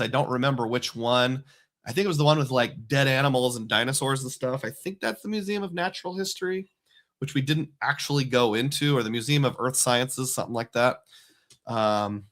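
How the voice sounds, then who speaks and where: A man's voice: medium pitch, a bit bright. A man hosting a casual livestream, chatting loosely and reading out supporter names. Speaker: livestream host.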